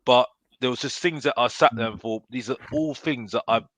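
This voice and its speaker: In a casual football debate, a guest pundit offers blunt, fired-up opinions at a medium pitch and slightly fast pace. His fairly bright voice, recorded without echo, keeps tagging emphatic points with "yeah?".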